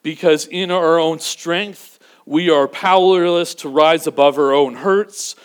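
A man preaching a sermon, earnest and building to emphatic peaks before dropping to a low, quiet delivery. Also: steady tone, takes it slowly, clear, resonant tone. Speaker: pastor.

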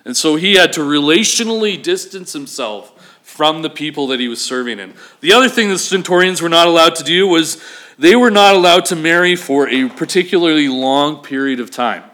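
Male pastor, animated sermon delivery, slightly high voice, asks the congregation questions. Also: a little fast.

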